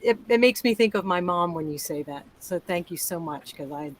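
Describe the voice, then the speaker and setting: A woman's voice: on the low side, expressive, a little fast, slight background noise, rough recording. A woman sharing a personal memory in a reflective, rambling way on a group video call. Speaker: guest.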